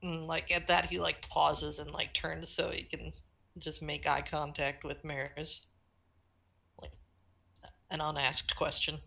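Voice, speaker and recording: A woman casually narrating a collaborative role-play, relaxed and full of fillers. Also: sits low, a little slow, creaky. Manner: relaxed, filler-heavy, drifts between quiet and loud. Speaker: tabletop role-play player.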